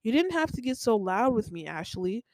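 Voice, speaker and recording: A whiny, protesting mother, her voice pitched well up and insisting she did nothing wrong, as a young woman puts her on in a podcast. The sound is close and dry, with no room around it. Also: very animated, moderate pace, darkish tone, no echo, poor audio. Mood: defensive. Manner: whiny, protesting, self-justifying. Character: exasperated defensive middle-aged mother.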